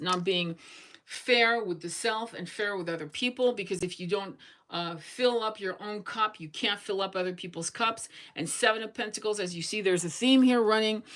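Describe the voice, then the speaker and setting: A woman's voice: medium pitch, a bit bright, poor audio. A woman giving a casual tarot reading, blunt and chatty, swearing freely as she goes through the cards. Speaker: tarot reader.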